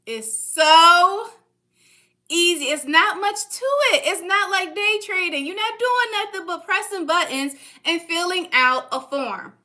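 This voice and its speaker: A woman's voice: very high voice, lively intonation, normal speed, hardly any pauses, sharp tone. A young woman vlogger talking casually and emphatically to her viewers, repeating phrases for stress and dropping into slang. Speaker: stock trading vlogger. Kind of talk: casual motivational talk to camera.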